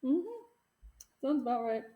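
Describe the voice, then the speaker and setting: Woman, podcast co-host, relaxed casual chat, laughs easily, home recording room. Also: sits high, narrow, tinny audio. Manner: relaxed, reactive, quick to laugh.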